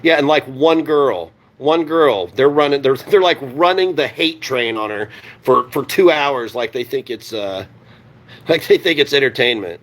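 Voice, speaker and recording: A man's voice: medium pitch, lively intonation, unhurried, a bit bright. A man ranting on a live stream, heated and sarcastic, swearing constantly and answering his chat. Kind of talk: profane live-stream rant.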